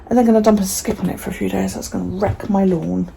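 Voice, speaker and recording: A woman's voice: medium pitch, steady tone, fast talker, gravelly, hardly any pauses, noisy background. A woman chatting casually in a home vlog, swearing freely and talking to her dog. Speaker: vlogger.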